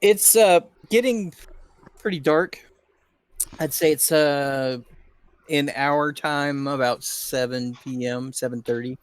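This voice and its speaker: A man running a tabletop game as game master, narrating with many pauses and fillers. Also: a little high, clean tone, dry recording. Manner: hesitant, filler-heavy narration.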